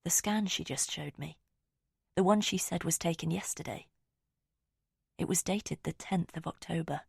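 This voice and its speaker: Low, gravelly woman narrating an audiobook. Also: no room sound, studio quality. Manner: quiet, measured and intimate. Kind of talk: first-person audiobook narration.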